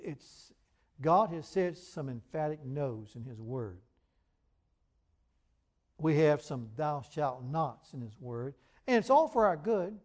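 A man preaching a sermon, earnest and emphatic, who reads scripture aloud in a measured cadence. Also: a little high, a little mellow. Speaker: pastor.

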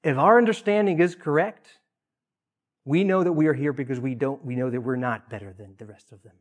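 A man preaching a sermon in an earnest way. He swings between loud emphasis and hushed, quiet asides. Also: medium pitch, fairly quick. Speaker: pastor.

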